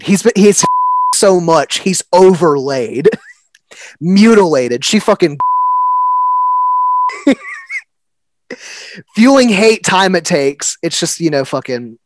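A man's voice: a little high, big pitch swings, slow, long pauses, noisy background. A man co-hosting a podcast in casual chat, rambling and profane, laughing often and half-singing lyrics. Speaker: podcast co-host.

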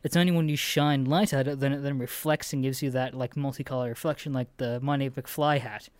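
A young man telling a long story on his podcast, swearing freely and getting worked up as he goes. His voice is mid-pitched and recorded close and dry, with no room sound behind it. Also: fairly even intonation, a little fast, dry recording. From Australia. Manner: swears constantly, ranting and exasperated; mimics others in a higher, louder voice. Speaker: podcast host. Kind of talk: casual solo podcast storytelling.

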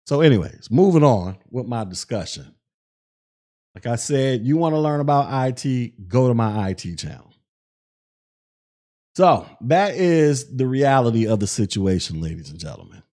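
This middle-aged podcast host, medium-pitched with big pitch swings and normal pacing, reads viewer messages aloud on a livestream. Annoyed by one viewer, he becomes profane and escalates into yelling.

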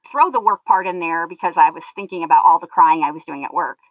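A woman's voice: fairly low pitch, animated, quick pace, few pauses, no room sound. Earnest woman, dull lo-fi sound. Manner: earnest, explanatory, loops back mid-thought. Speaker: guest sharing her story. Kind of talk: conversational interview.

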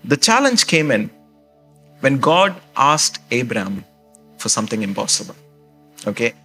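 A man's voice: medium pitch, very animated, normal speed, pushed and bright, husky, faint music behind. A male pastor preaching a sermon in a conversational way, often checking in with the congregation with questions and "okay?".

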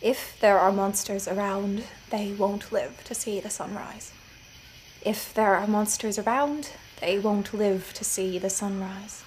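A woman voicing a blunt young monster hunter who speaks flat and monotone, in an audio fiction story. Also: mid-range voice, unhurried, a little hiss or hum, lightly acted, low-quality recording.

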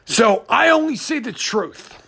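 A man's voice: extremely high pitch, big pitch swings, measured pace, gravelly, a bit bright, husky. A man hosting his own podcast, talking off the cuff in a rambling monologue, upset and full of restarts. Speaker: podcast host. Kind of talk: unscripted personal monologue.

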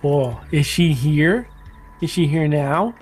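A man playing a tabletop game, excitable and quick to laugh. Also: on the high side, breathy edge. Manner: excitable, laughing, says oh my gosh often. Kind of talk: casual game play.

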